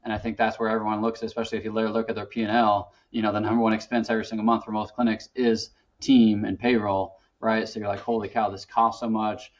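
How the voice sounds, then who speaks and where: Flat, low man on a distant mic. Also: fast, hardly any pauses. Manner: earnest, peppers speech with "you know". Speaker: podcast conversation partner. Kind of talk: casual conversation. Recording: distant, dull-sounding mic.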